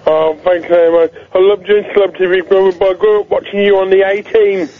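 A man's voice: high-pitched, flat delivery, fairly quick. A man calling into a radio show, a nervous fan asking a question. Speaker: caller. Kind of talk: phone-in call. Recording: dull lo-fi radio audio.

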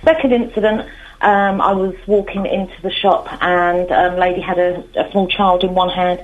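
A woman's voice: on the low side, little pitch movement, moderate pace, narrow, tinny audio. A woman caller on a radio phone-in, speaking hesitantly with many fillers.

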